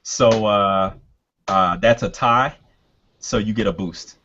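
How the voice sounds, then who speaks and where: A man running a tabletop game as game master, narrating in a halting way with many fillers and restarts. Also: fairly low pitch, sharp tone, lo-fi sound.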